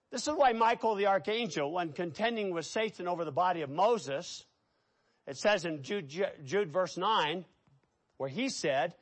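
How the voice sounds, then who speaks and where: A man preaching an expository sermon, swinging between low, quiet asides and loud, emphatic bursts. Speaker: pastor.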